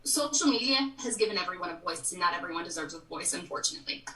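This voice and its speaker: Outspoken woman guest, thirties, bright tone, off-mic and roomy. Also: fairly low pitch, expressive, fast talker, recorded from a distance. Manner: frank, opinionated. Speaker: interview guest. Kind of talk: casual live-stream interview.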